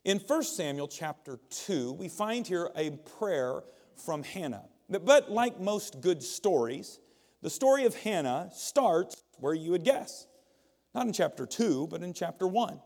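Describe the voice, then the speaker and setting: A man's voice: high-pitched, very animated, a little slow, vocal fry, darkish tone. A male pastor preaching a sermon in a humorous, conversational way, asking the congregation questions. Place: church auditorium. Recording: long reverb of a large hall.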